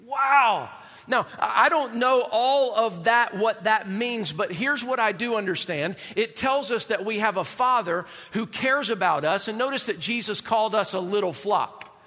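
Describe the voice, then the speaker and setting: A man preaching a sermon as pastor, animated, often asking the congregation rhetorical questions. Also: sits high, measured pace, in a large hall.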